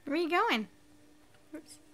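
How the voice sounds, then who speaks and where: A woman's voice: sits high, big pitch swings, slow pace, fairly bright tone. A young woman filming at home with a handheld camera, coaxing her baby in sing-song baby talk.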